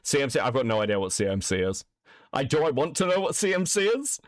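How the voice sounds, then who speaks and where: Man, stream host, crude, laughs a lot, slightly high, animated, dry close mic. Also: a little fast, dry recording. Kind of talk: livestream reaction commentary.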